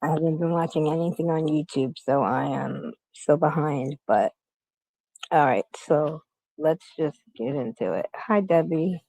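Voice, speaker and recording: A middle-aged woman hosts a casual livestream from a hospital room, talking into her phone. Her voice sits low, mellow and gravelly, and it sounds dry and close. She rambles and breaks off to greet viewers by name. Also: unhurried, no room sound, poor audio. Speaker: YouTube livestream host.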